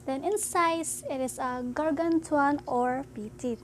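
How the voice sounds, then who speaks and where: Slow, halting high-voiced woman teacher. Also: slight background noise, rough recording. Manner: slow, halting explanation with frequent "so" and "um". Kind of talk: classroom grammar lesson.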